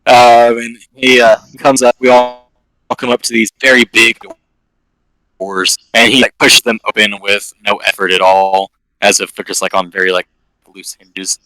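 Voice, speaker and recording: A man's voice: on the low side, fairly even intonation, normal speed, pushed and bright, no echo, rough recording. A man narrating as game master in a casual, rambling way, with lots of fillers.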